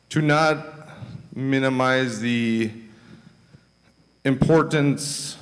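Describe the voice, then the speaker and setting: A man giving public comment at a school board meeting, halting and searching for words, at times crying with a breaking voice. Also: mid-range voice. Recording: reverberant meeting hall.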